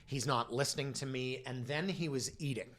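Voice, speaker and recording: A Canadian man co-hosting a real estate podcast, telling stories in an animated, joking way and acting out the people he quotes. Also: medium pitch, a little fast. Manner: animated, acts out dialogue in quoted voices. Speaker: realtor and co-host. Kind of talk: casual podcast storytelling.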